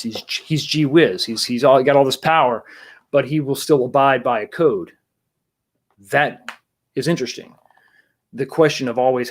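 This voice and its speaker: A man hosting a casual livestream talk show, rambling with many restarts and greeting viewers in the chat. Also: mid-range voice.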